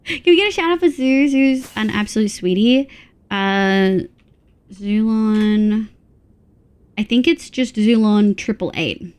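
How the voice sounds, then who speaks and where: A woman's voice: medium pitch, takes it slowly, a little mellow, clear, resonant tone. A young woman chatting casually on a live stream, reading chat aloud between laughs. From Australia.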